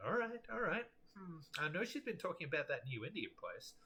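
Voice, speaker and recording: A man's voice: a little high, very animated, brisk, slight background noise, voice pushed up, exaggerated voice. A man voicing a chatty, caring young woman who likes to tease her friend. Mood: teasing. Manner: teasing and warm.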